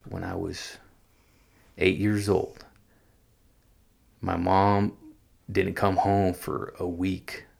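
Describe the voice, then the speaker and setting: A man from California, earnestly recounting his own hard childhood as an interview guest, halting and restarting often. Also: sits low, little pitch movement, creaky. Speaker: guest sharing his life story. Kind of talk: personal storytelling in an interview.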